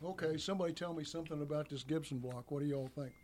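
A man presents wines on a radio chat show and reads out their prices and blends. His voice sits a little high. A faint room ambience lies behind him. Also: very fast, a little mellow, a little hiss or hum. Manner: reads out wine details. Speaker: wine presenter. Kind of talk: casual chat.

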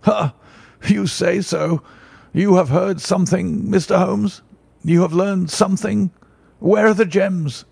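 A man's voice: high voice, takes it slowly, gravelly, husky, dry recording, voice pushed up, full character voice. A man voicing a distraught, emotional banker who pleads and exclaims. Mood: agitated. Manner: pleading, excitable, rising. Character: distraught middle-aged male banker, emotional.

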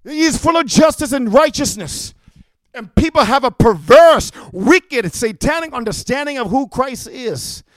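A man preaching a fiery sermon, often shouting and calling "amen?" to his listeners. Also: very high-pitched, expressive, measured pace, no echo.

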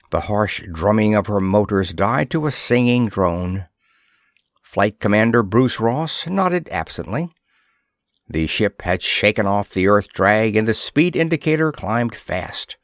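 Male narrator for an old-style sci-fi audiobook, animated delivery, dry close mic. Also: fairly low pitch, a little slow, dry recording. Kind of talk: scripted narration of a pulp sci-fi story.

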